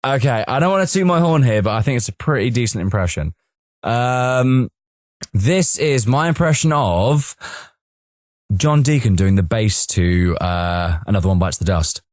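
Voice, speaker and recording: Playful male podcast co-host, animated pitch, dry close recording. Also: normal speed, no room sound. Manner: playful, teasing and deadpan in jokes. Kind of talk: casual chat, jokey sign-off.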